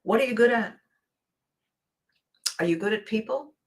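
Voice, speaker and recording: A woman from Canada hosting a solo motivational podcast, talking in an animated, playful way and laughing often. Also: a little high, normal speed. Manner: animated and playful, laughs often, acts out little quoted exchanges. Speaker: podcast host.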